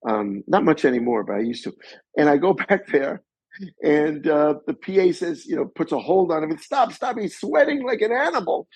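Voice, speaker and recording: A man being interviewed as a guest actor, telling animated stories and acting out other people's voices. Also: fairly high pitch, normal speed, husky, no room sound. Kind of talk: anecdotal storytelling. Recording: slightly muffled recording.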